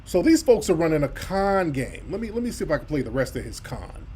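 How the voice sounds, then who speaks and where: A man hosts a talk-radio commentary show. His voice sits high, and he talks bluntly, with profanity and mockery. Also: sing-song, brisk, few pauses, a little mellow, a little hiss or hum. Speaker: radio host. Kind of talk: commentary over played clips.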